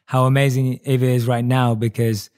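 A man's voice: mid-range voice, little pitch movement, normal speed, a little mellow, slight background noise. A man hosting a podcast, asking questions and affirming his guest in a supportive way. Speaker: podcast host. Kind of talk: casual interview.

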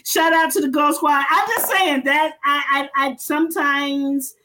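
A woman co-hosting a podcast who tells a self-mocking story in a lively way, acting out the voices of other people. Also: high-pitched, a little slow, a little hiss or hum, rough recording. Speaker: podcast co-host and speaker. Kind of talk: casual storytelling.

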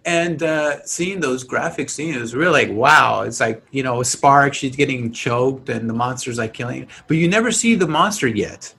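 A man's voice: medium pitch, normal speed, creaky, hardly any pauses, a little hiss or hum. A man co-hosting a podcast, chatting casually about an old horror movie, laughing often and acting out the characters. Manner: laughing, animated, acts out characters. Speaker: podcast co-host.

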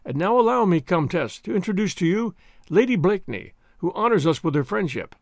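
A man's voice: sits high, big pitch swings, a little fast, no echo, clean studio sound. A man voicing a regal male prince with a courtly, drawling manner. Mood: gracious. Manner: courtly, drawling, alternately cold and gracious.

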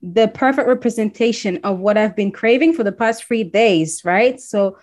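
A woman's voice: mid-range voice, normal speed, a little mellow. A woman from Congo telling a personal story in casual conversation, acting out the voices of people she quotes.

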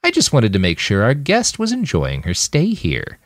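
A man's voice: medium pitch, huge pitch swings, moderate pace, no echo, studio quality, voice pushed up. Man doing a sing-song menacing fighter. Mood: falsely chipper. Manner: falsely sweet, purring and sing-song. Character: wiry male fighter, chipper and menacing.

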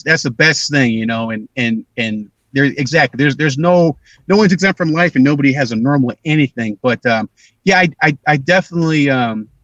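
A man chats through a relaxed interview, his voice pitched a little high. He is lively, acting out quoted lines with changes of voice. The recording is dry, and he sits somewhat back from the microphone. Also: no echo, distant mic. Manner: animated, acts out quoted voices. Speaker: actor guest. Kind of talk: casual interview storytelling.

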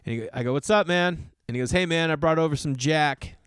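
A man, a comedian, telling a long casual story in a profane, animated way and acting out the people he quotes. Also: a little high, a little fast, clear, resonant tone, no echo, studio quality.

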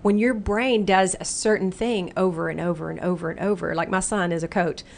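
A woman's voice: fairly low pitch, brisk, creaky, slight background noise. A middle-aged woman, a guest who runs workshops, explaining in casual talk and playfully acting out voices in quotes. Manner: animated, acts out the brain's inner voice in playful quotes.

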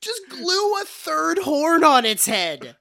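Woman cohost on a movie podcast, drawls slowly, kinda high, swears and jokes around. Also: very animated, creaky, a crowd in the background. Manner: laid-back, swearing, laughing reactions. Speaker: podcast co-host. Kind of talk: casual movie-review chat.

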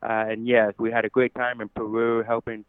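A man's voice: lowish voice, completely flat delivery, moderate pace, clear, resonant tone, no room sound. An American man with a deaf accent, speaking as a podcast guest in an earnest, effusive, grateful way. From United States. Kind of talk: casual interview talk. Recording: tinny phone-like line, dry.

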